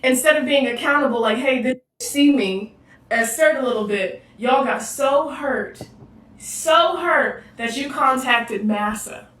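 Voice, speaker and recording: A woman speaks to the camera in a slangy, confrontational way. Her voice sits fairly high, and it sounds roomy and picked up from a distance. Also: a little slow, a bit bright. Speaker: social media therapist. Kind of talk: direct-to-camera social video.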